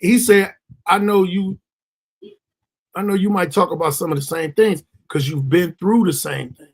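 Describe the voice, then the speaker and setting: High-voiced, loose-talking man host. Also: normal speed, breathy edge. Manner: loose, profane, stammering restarts. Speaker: podcast host. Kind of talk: casual podcast chat.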